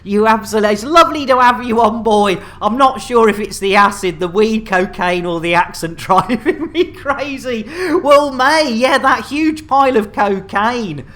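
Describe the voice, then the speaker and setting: A woman's voice: a little high, measured pace, hardly any pauses, a bit bright. A woman hosting a game live stream, chatting cheekily with her viewers and joking. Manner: cheeky, joking, playful banter with chat. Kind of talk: lively live-stream chat.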